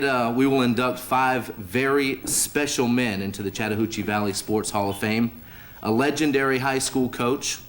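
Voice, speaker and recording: A man hosting a sports hall of fame banquet as master of ceremonies, talking in a folksy way with fillers and restarts. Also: mid-range voice. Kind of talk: ceremony hosting with a told joke. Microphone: podium microphone.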